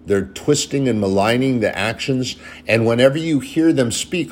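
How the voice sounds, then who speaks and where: A man's voice: medium pitch, lively intonation, moderate pace, few pauses. A man giving an informal sermon in an earnest, plain-spoken way, turning sharply scolding at times.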